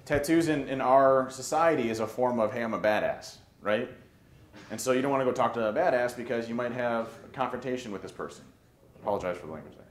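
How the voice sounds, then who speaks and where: A man giving a conference talk on social engineering, animated and joking, often restarting his sentences. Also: mid-range voice, a little hiss or hum. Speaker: conference speaker. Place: conference hall. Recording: roomy hall with faint ambience.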